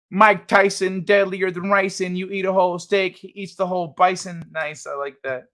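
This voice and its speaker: A man hosting a live stream, chatting casually and reading viewer comments in a jokey, animated way, laughing often. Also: sits high, normal speed, hardly any pauses.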